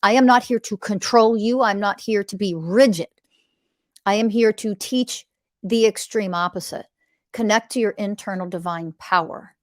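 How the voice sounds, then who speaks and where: A woman's voice: mid-range voice, no echo, studio quality. A woman hosting a spiritual podcast, giving an impassioned, blunt teaching monologue that repeats phrases like mantras and swears for emphasis.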